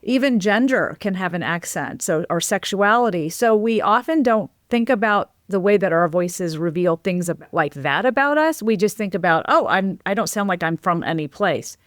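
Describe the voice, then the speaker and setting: A woman linguist guest in a podcast interview, explaining at length in a lively, conversational way. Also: mid-range voice, normal speed, few pauses, no echo, studio quality.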